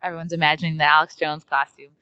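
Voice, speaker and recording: Woman from New York, comedian, chatty storytelling, filler-heavy, lowish voice, dry lo-fi audio. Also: little pitch movement, quick pace, pushed and bright, smooth, dry recording. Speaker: comedian, podcast guest. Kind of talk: casual storytelling in an interview. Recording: dry, dull lo-fi sound.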